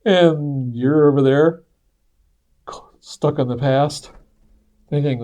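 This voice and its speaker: A man's voice: a little high, slow, pauses often, mellow. A man talking through his personal reflections in a casual, earnest, conversational monologue. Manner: earnest, conversational, acts out quoted voices. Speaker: speaker sharing personal reflections.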